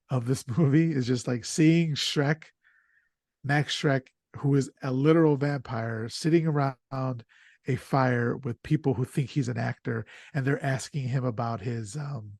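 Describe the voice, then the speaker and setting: A man hosting a podcast, retelling scenes in an excitable, casual way with swearing and lots of fillers. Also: medium pitch, no room sound, studio quality. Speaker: podcast host. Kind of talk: casual chat.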